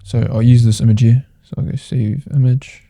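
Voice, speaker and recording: A man hosting a casual software tutorial, talking loosely and thinking aloud as he clicks through a demo. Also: medium pitch, fairly even intonation, normal speed, creaky. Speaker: tutorial host. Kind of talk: casual screen-recorded software walkthrough.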